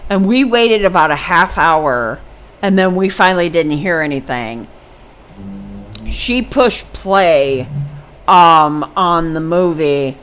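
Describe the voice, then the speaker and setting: A woman's voice: lowish voice, a bit bright. An older woman vlogger telling a personal story casually, meandering with many ums and asides.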